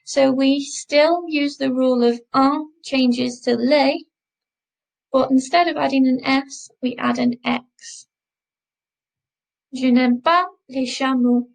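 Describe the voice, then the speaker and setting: A woman teaching a school French class, speaking slowly and patiently and repeating each word twice. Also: high-pitched, steady tone, vocal fry, poor audio. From England. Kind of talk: classroom lesson explaining French grammar.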